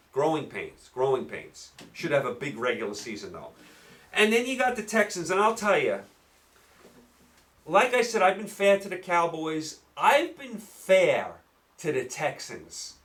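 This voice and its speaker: A man with a New York accent hosting a solo football picks show, rambling and animated, firing rhetorical questions at listeners. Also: medium pitch. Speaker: sports betting podcast host. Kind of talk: solo sports picks talk.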